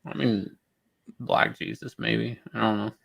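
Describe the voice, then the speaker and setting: A man co-hosting a livestream, chatting casually and thinking out loud with some hesitation. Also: on the low side, little pitch movement, unhurried, creaky.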